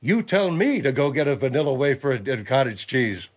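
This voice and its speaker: A man's voice: medium pitch, very animated, a little fast. A man playing a rambling, defensive male studio regular who chimes in with asides.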